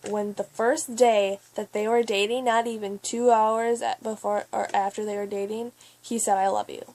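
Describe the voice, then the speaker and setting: A teenage vlogger with a fairly high, warm voice tells a long, rambling story to camera in a chatty way. She swears often and then apologizes, and she keeps breaking off into quick asides.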